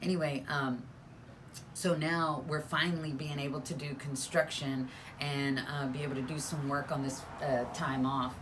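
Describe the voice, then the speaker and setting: A middle-aged woman pastor co-hosting a casual live stream from a home studio, chatty and playful and speaking in a hushed voice. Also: deep voice, little pitch movement, moderate pace, noisy background. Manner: chatty and playful, rambling with fillers. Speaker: pastor and co-host. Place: spare room turned home studio.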